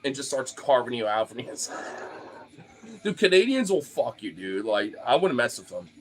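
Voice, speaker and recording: A man's voice: medium pitch, big pitch swings, moderate pace. A man streaming to his followers in a casual, rambling rant, swearing freely, leaning on fillers and often laughing. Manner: profane, loose, filler-heavy with frequent laughs.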